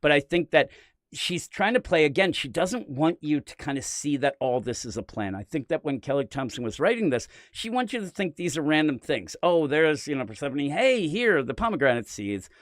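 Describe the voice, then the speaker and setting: A man's voice: on the high side, sing-song, fairly quick, dry recording, clean studio sound. A man hosting a comic book podcast, chatting casually with rambling enthusiasm and lots of fillers. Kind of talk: casual comic review chat.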